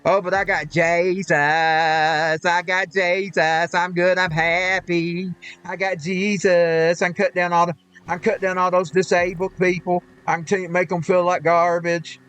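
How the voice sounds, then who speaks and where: A man's voice: high voice, flat delivery, fairly bright tone, clear, resonant tone. A man mocking a gloating self-righteous zealot. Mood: smug. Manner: slow, drawn-out, sing-song mockery.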